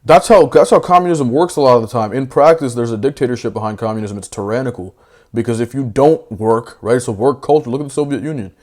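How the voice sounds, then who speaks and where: A young man in a heated casual debate, brash and profane, full of slang, swinging between loud outbursts and fast asides. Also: medium pitch. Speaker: debate panelist.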